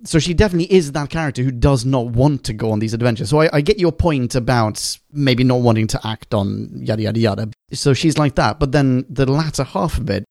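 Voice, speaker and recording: A man co-hosting a podcast in casual, animated, jokey chat, swearing now and then. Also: mid-range voice, no room sound, clean studio sound. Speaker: podcast co-host.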